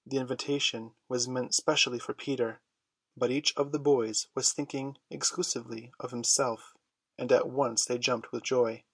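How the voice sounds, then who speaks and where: Husky-voiced man reading a storybook. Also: mid-range voice, steady tone, normal speed, fairly bright tone, dry recording. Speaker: audiobook reader. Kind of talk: storybook narration.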